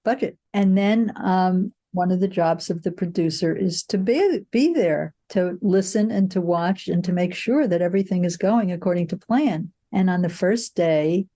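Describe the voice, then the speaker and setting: Older female producer; low, mellow, thoughtful storyteller. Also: normal speed, hardly any pauses. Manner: reflective storytelling, frequent "you know" and restarts. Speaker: film producer, guest. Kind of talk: candid interview answers.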